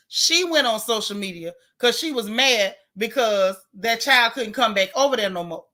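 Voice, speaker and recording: A woman's voice: on the high side, moderate pace, few pauses. A woman hosting a casual live stream, reading viewer comments and speaking out in an emphatic, outspoken way. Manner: animated, outspoken, emphatic repetition.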